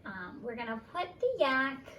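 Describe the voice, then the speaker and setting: A woman teaching young children, reading a story and leading a letter lesson with clear, sing-song prompts. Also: high voice, very animated, normal speed, a bit bright. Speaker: preschool teacher. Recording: roomy, distant mic, faint background hum.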